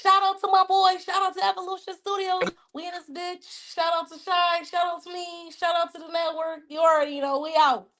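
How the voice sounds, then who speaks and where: Very high-pitched woman, laid-back slang. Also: level tone, a little fast, few pauses, background noise. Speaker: podcast host. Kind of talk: casual podcast sign-off.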